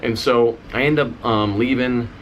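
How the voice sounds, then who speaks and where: A male singer and dancer vlogging, telling a personal story in a candid, animated way with casual swearing. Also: medium pitch, a little slow, slight background noise.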